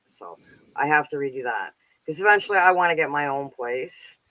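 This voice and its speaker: Bright Canadian man in his fifties. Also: fairly high pitch, expressive, normal speed, no room sound, rough recording. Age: 50s. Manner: rambling, lots of "like" and "um" fillers. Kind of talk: casual chat.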